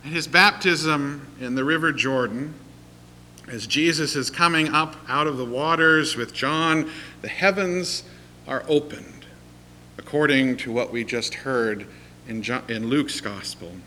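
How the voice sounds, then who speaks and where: Slow, bright-toned male pastor. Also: mid-range voice, a little hiss or hum, rough recording. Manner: measured, deliberate rhetorical phrasing. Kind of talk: sermon.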